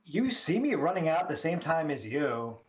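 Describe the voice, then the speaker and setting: A man's voice: a little high, highs cut off. A man playing a tabletop game, thinking aloud in casual chat. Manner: slow and lively, thinking aloud. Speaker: player.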